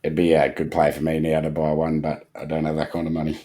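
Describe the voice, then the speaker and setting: A man's voice: extremely low pitch, monotone, fast, warm tone. Man, podcast host, laid-back, swears a lot, laughs easily. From Australia. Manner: swears freely, laughs often. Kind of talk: casual podcast chat.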